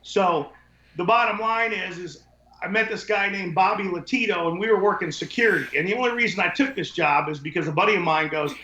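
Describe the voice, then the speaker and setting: Fairly quick and pushed, with a bright, high voice, the man tells blunt, profane, rambling stories as a podcast guest. He owns a window cleaning business, and the echoey recording has a dull lo-fi sound.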